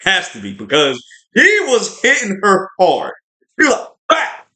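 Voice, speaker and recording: Man, livestream podcast host, animated swoops, chatty and rambling. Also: high voice, normal speed. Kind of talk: casual spoiler review livestream.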